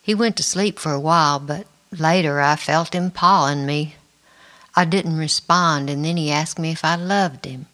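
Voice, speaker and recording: A middle-aged woman narrating her own life story in the first person, quiet and reflective. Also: deep voice, normal speed. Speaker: memoir narrator. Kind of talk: first-person memoir reading.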